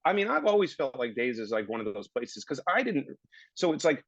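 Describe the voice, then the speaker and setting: A man's voice: medium pitch, big pitch swings, a little fast, a bit bright, no room sound, highs cut off. A man in his thirties, a guest actor on a casual podcast, telling rambling stories and acting out his own past remarks.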